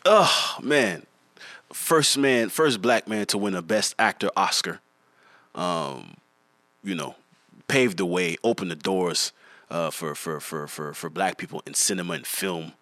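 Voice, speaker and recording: A man's voice: low-pitched, animated, unhurried, bright, forceful tone, no echo. A young man co-hosting a podcast in casual banter, joking, laughing and restarting his sentences. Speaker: podcast co-host.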